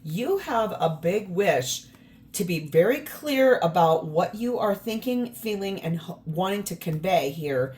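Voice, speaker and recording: Emphatic lower-voiced woman reading tarot. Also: animated, unhurried, a little mellow. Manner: emphatic and exasperated, repeats words for stress. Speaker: tarot reader. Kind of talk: casual tarot reading to camera.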